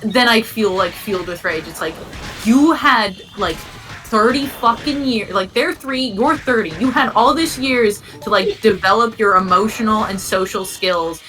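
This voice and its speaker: Bright-voiced woman ranting bluntly. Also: mid-range voice, a little slow, soft background music, rough recording. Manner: blunt, heated, swears often. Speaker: co-host. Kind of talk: casual gaming chat.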